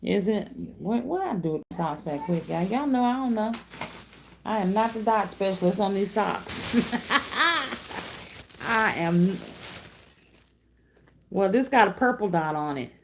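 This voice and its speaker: A woman's voice: medium pitch, lively intonation, unhurried, pauses often, slight background noise. A middle-aged woman, chatting casually on a craft livestream, reading viewer comments and calling them y'all and darling. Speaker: craft channel host.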